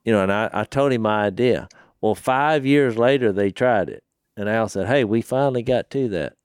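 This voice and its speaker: A man co-hosting a casual Bible discussion, animated and telling stories, acting out the quotes. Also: on the low side, moderate pace, clean tone, no echo, studio quality. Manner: animated storyteller, acts out quotes. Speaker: podcast co-host.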